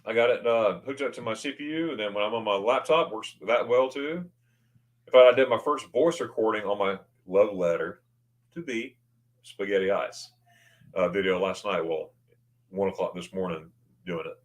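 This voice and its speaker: This livestream host from the United States has a lowish voice and speaks at a normal speed. Using a new desk microphone, he keeps the talk loose and reads viewers' comments aloud.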